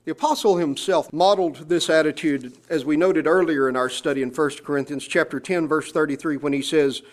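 A man preaching a sermon in church, emphatic, drawing out key phrases slowly. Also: a little high. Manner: emphatic, slows down on scripture phrases.

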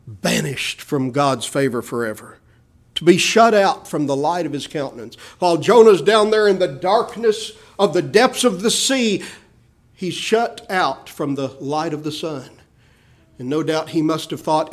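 A male preacher giving a sermon with dynamic swells and hushed drops, often calling his listeners beloved. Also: a little high.

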